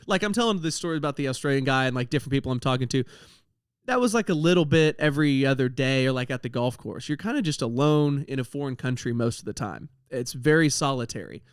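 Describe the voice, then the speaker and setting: A man's voice: mid-range voice, lively intonation, quick pace, smooth, no echo, clean studio sound. A young man hosting a podcast, telling a comedic story about his travels in a self-deprecating way, laughing at his own jokes. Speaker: podcast host.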